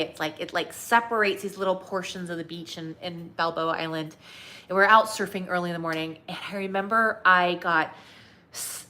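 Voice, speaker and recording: A woman's voice: fairly low pitch, bright, forceful tone. A woman from Southern California, a weight loss coach, telling a personal story in a chatty way with lots of fillers.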